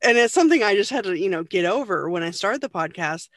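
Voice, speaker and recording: A woman guest on a podcast talks in a soft, soothing, slightly self-conscious way, with laughs slipping in. Her pitch sits in the middle. The sound is dry and close to the mic. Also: animated, fast talker, no echo. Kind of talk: casual podcast interview.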